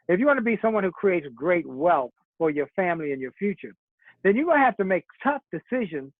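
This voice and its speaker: A man's voice: high voice, dry recording. A man giving a motivational keynote speech, telling stories in a preacherly rhythm with rhymed slogans. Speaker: keynote speaker. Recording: tinny phone-like audio.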